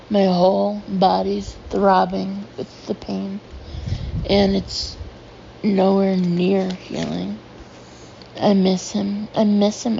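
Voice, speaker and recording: A woman's voice: medium pitch, gravelly, warm tone, lo-fi sound, a little hiss or hum. A woman narrating a novel in the first person, emotive and voicing the heroine's feelings. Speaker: audiobook narrator.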